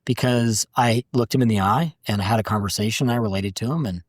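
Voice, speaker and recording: A manufacturing director appears as a guest on an interview podcast, telling stories candidly and acting out quotes in casual conversation. His voice sits on the low side and he talks briskly, captured in a dry, clean studio recording.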